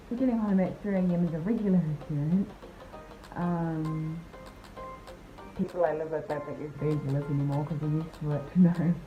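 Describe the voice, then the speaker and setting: A young woman with a New Zealand accent chatting casually in a vlog about her airport night shifts, upbeat and quick to laugh. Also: low-pitched, dull audio. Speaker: vlogger and airport worker. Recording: background music under the voice.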